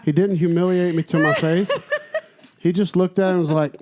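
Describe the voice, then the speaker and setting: A man co-hosting a podcast, his voice dark and mellow. He rants in a profane, mock-preachy way, calling his listeners "sons" and swearing freely through casual chat. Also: high voice, fairly even intonation, fairly quick. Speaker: podcast co-host.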